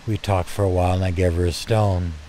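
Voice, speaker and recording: An older man telling personal stories in a gentle, heartfelt way, speaking to his listeners as dear friends. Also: sits low, fairly even intonation, fast, a little hiss or hum. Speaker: storyteller. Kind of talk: personal storytelling.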